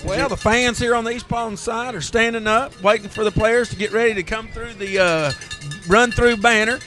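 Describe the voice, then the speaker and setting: High-voiced Southern man calling football. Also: normal speed, pushed and bright, faint music behind. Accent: Southern American. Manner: easygoing, rambling, corrects himself on air. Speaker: play-by-play announcer. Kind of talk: local high school football commentary.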